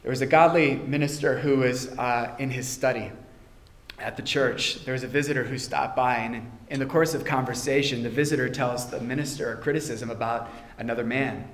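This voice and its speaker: A man preaching a sermon with earnest emphasis, often dropping to a quiet, intense tone on key points. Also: medium pitch, steady tone, a little fast. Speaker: pastor. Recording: roomy church echo.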